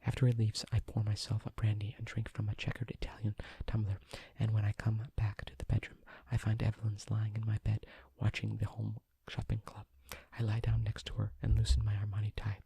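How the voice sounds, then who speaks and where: A man reading a novel aloud as a whispered role-play, in a hushed, even manner. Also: lowish voice, fairly quick, vocal fry, few pauses, breathy edge. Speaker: audiobook reader.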